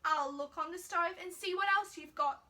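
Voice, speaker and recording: A woman's voice: very high voice, normal speed, pushed and bright, pitched above the performer's own voice. A woman voicing a clever young girl in a fairy tale, with a childlike, pleading way of talking. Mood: bold. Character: clever young girl, tearful then bold.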